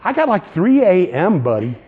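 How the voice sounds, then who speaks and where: A male pastor preaching in a playful, animated storytelling style, with little vocal sound effects. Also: high-pitched, normal speed, phone-quality sound. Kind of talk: storytelling sermon.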